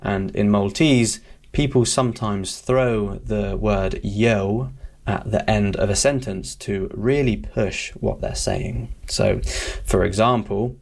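A man explains words in an unhurried, easygoing video lesson. His voice sits low, and he keeps checking in with a quick "okay?" as he goes. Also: creaky. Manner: friendly, repeats "okay?" to check in. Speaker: language teacher.

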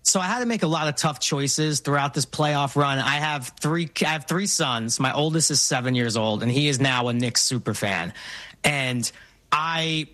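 A man in his forties from New York, co-hosting a casual chat and telling stories in an animated way with frequent restarts. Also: mid-range voice, normal speed, no room sound. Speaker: co-host.

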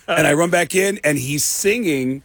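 Comedian guest, husky, animated storyteller, dry studio mic. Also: male voice, fairly high pitch, unhurried, dry recording. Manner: acts out voices in his stories. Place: radio studio.

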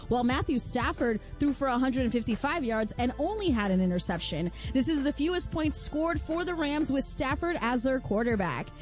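A woman reading a sports news update, giving scores in a brisk, crisp delivery. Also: high voice, a little mellow.

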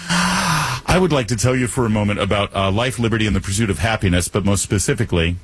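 A man's voice: fairly low pitch, quick pace, a bit bright, husky, no room sound. A male talk radio host delivering a joking monologue in a wry, teasing manner, slipping in puns.

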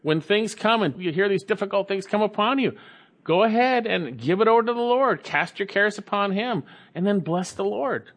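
A man's voice: high-pitched, animated, moderate pace, a bit bright. A man preaching a sermon, reading scripture aloud and repeating key phrases for emphasis.

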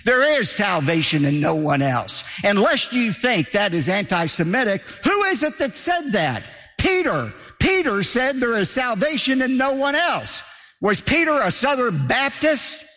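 A man's voice: very high voice, very animated, a little slow, sharp tone, in a large hall, soft background music. A man preaching a sermon as pastor, emphatic, asking rhetorical questions and hammering points home with repetition.

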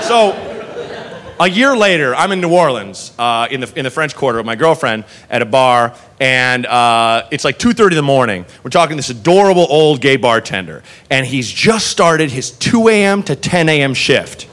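Animated man telling a stand-up story. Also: medium pitch, moderate pace, slight background noise. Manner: animated, swearing, laughing through lines. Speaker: stand-up comedian.

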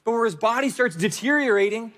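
A man's voice: very high-pitched, animated, quick pace, fairly bright tone, voice pushed up. A man preacher voicing a grieving woman at a tomb, pleading in short, breaking cries. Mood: anguished.

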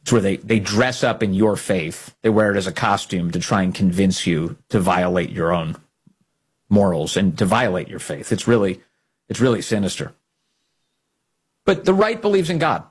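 A man's voice: low-pitched, animated, normal speed, husky. A man hosting a political commentary show, speaking emphatically and indignantly and repeating key phrases.

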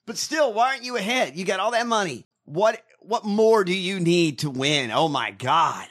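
A man's voice: sits high, lively intonation, fairly bright tone. A man co-hosting a podcast, ranting in crude, mocking political banter. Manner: crude, mocking, rapid rants. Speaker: podcast co-host.

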